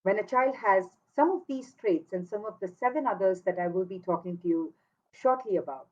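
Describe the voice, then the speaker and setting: A woman's voice: mid-range voice, animated, brisk, dull audio. A woman giving an earnest, emphatic instructional talk to parents, repeating key words for weight. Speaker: parenting educator.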